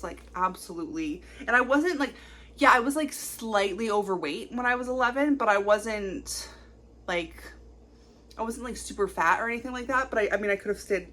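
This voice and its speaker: A young woman in her twenties talking casually to camera in a confessional vlog, rambling quickly with lots of fillers. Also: mid-range voice, fairly bright tone. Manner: chatty, rambling, fast-talking with many fillers. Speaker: vlogger.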